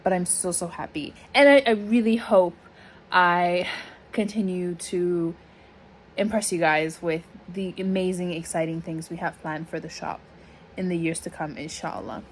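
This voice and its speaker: Woman in her thirties, emotional and animated vlog chat, faint background hiss. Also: lowish voice, unhurried. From Toronto, Canada. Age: 30s. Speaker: small business owner. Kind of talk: casual vlog talk.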